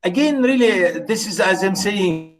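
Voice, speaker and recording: Halting, slow-talking male lecturer. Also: high-pitched, animated, rough recording. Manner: hesitant, many fillers and restarts; often checks in with students. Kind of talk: unscripted poetry lecture.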